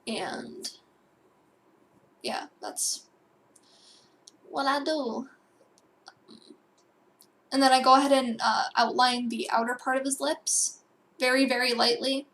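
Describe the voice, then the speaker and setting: A woman's voice: high voice, fairly even intonation, slow pace, long pauses, fairly bright tone, slight background noise. A young woman narrating a digital painting tutorial at home, rambling and correcting herself as she goes. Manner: rambling, self-correcting, with fillers and asides. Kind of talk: casual tutorial voice-over.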